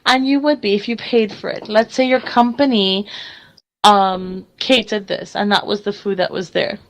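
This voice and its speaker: A lively woman radio host talking in a casual, chatty way. She acts out quoted exchanges as she goes and laughs often. Her voice sits at a middle pitch for a woman. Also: normal speed, poor audio.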